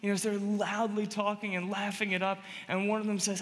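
High-voiced preacher in a reverberant hall. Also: male voice, level tone, a little fast. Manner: storytelling, swings from loud emphatic to quiet and hushed. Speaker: pastor. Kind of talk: sermon.

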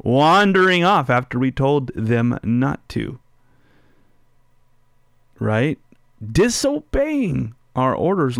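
A man preaches a relaxed sermon at a slow, unhurried pace, speaking to listeners as if chatting with them. He often asks them questions and turns quiet and slow on his main points. The sound is dry and close, with no room echo. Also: mid-range voice. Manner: drops soft and slow on key phrases. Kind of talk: sermon with personal story.

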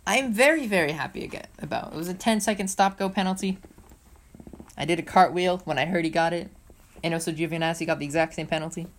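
A woman's voice: on the low side, fast talker. A young woman co-hosting a casual podcast, chatty and joking as she recaps a race. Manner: chatty and playful, jokes often. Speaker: podcast co-host. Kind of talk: casual chat about motor racing.

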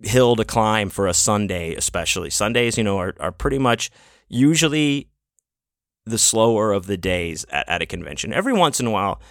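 A man's voice: on the low side, animated, a little fast, fairly bright tone, no room sound, clean studio sound. Rambling, profane podcast host man. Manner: rambling, profane, loose storytelling. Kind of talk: casual solo podcast recap.

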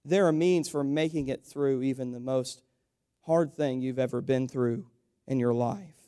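A man's voice: mid-range voice, unhurried, dark tone, clear, resonant tone. A man preaching a sermon to his church, building to emphatic, repeated exhortations and calling his listeners "church".

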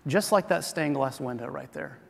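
A man's voice: a little high, moderate pace, gravelly. A middle-aged man preaching a sermon as pastor, in a conversational way with self-deprecating humor, in a church sanctuary. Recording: long hall reverb.

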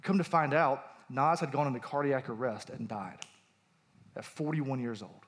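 A man's voice: mid-range voice, normal speed, fairly bright tone, slight background noise. A man in his thirties, a pastor, preaching a conversational sermon with personal stories and emphatic rises.

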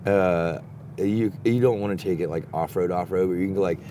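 A man's voice: deep voice, fairly quick, dark tone, slight background noise. A man telling rambling, profane stories in casual chat, recorded outdoors at a campsite. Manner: rambling, heavily profane storytelling.

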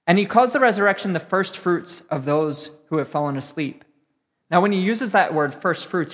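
A young pastor preaches a sermon in an earnest storytelling manner, his voice on the higher side. The sound carries a long reverb, as in a large church hall. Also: a bit bright.

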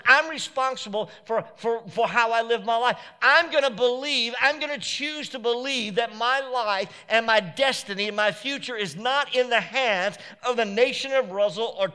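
Pastor, male, very high bright voice, emphatic sermon delivery with repeated phrases building to shouts. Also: clean tone.

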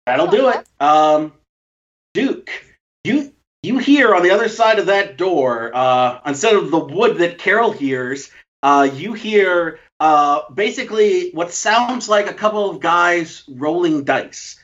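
A man running a tabletop game as game master, halting and full of fillers as he describes the scene. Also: sits high, animated, a bit bright, lo-fi sound.

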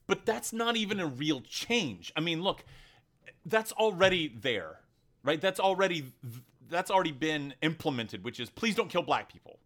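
During a relaxed podcast conversation, this male co-host gets heated and emphatic, his fairly high voice keeping a measured pace as he tells an animated story.

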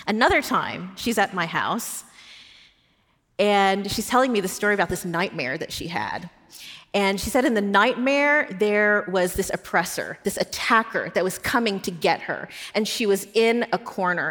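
A woman pastor telling personal stories in a sermon, earnest and heartfelt. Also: mid-range voice. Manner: personal storytelling, warm and earnest. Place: church. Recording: long hall reverb.

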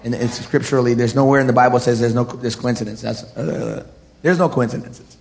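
A man preaching a sermon to his congregation, building up to shouted declarations. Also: medium pitch, steady tone, a little fast, creaky. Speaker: pastor.

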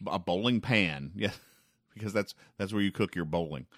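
A man hosting a podcast where he reads comic strips aloud and comments on them, with deadpan, wry asides and frequent ums. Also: low voice, moderate pace, no echo, clean studio sound. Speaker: podcast host.

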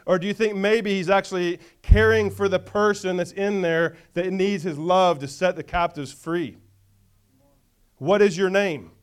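Smooth-voiced man preaching conversationally. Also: sits high. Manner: conversational preaching, checks in with the congregation. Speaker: pastor. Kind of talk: sermon.

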